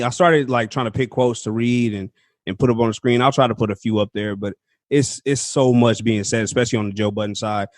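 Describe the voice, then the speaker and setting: A man's voice: medium pitch, no room sound. A young man co-hosting a casual podcast, talking loosely with slang and filler ums. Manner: laid-back slang-heavy talk with filler ums. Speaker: podcast co-host. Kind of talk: casual chat.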